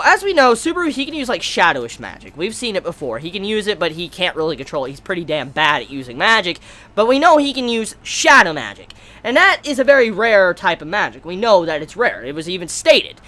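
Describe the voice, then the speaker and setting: A woman in her twenties talking through an anime episode in a casual, animated way, swearing freely and repeating herself as she gets worked up. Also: mid-range voice. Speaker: anime reviewer. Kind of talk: casual video commentary.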